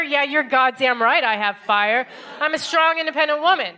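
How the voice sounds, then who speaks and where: An American woman in her thirties performing stand-up comedy in a club, wry and deadpan, acting out other people's lines. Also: sits high, brisk. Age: 30s.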